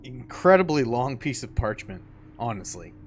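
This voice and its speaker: A man running a tabletop game as game master, narrating scenes in a slow, descriptive way with casual asides. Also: medium pitch, sing-song, a little hiss or hum.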